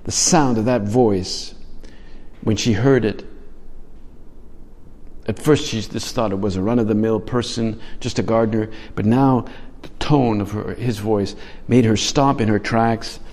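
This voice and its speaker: A lowish-pitched male priest speaks in an unhurried, reflective way, as if thinking aloud with his listeners. He often circles back and restarts a phrase. His voice trails off into a long reverberant tail. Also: darkish tone. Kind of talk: homily.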